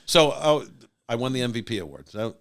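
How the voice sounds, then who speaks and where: An older man spins a long anecdote in a relaxed conversation. His voice rises and falls widely as he slips into the voices of the people he quotes. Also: medium pitch, a little fast. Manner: animated anecdote teller, acting out voices of others. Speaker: podcast guest, musician and radio host. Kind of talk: casual storytelling.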